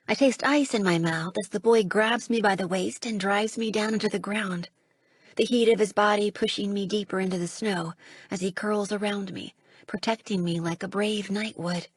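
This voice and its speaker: A woman reading a first-person audiobook, with a slightly husky, gravelly voice that rises for dialogue. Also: medium pitch, moderate pace, no room sound. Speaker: audiobook narrator.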